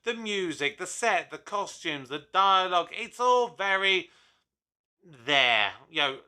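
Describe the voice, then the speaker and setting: A man's voice: high voice, animated, slow pace, bright, forceful tone, clear, resonant tone. A man hosting his own review channel, talking casually with enthusiasm and rambling into frequent asides. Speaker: YouTube reviewer host.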